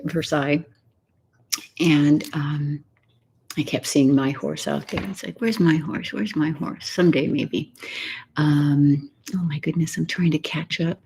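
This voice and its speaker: An older woman talking gently and slowly in a soft-spoken ASMR live chat, drifting in and out of whispers. Her voice is mellow and breathy, set a little low. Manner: soft and unhurried, slipping into whispers while reading viewer comments. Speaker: ASMR host. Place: home, Texas.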